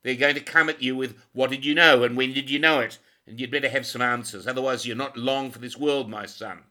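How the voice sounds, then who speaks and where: A man's voice: medium pitch, steady tone, fairly quick, sharp tone, voice pushed up, close to an everyday voice. A man voicing a pompous male church president who speaks formally and turns threatening. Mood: menacing.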